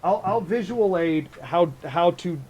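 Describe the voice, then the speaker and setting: A man's voice: sits high, lively intonation, unhurried, darkish tone. A man streaming a game, chatting casually to viewers in a playful, rambling way full of repetitive wordplay. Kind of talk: casual live-stream chat.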